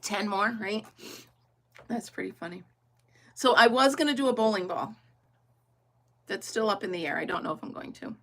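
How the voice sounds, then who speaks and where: A woman's voice: mid-range voice, moderate pace, vocal fry, pauses often, sharp tone. A middle-aged woman chatting casually and laughing often as she crafts on a livestream, thinking aloud and talking to her viewers. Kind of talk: casual chat while crafting.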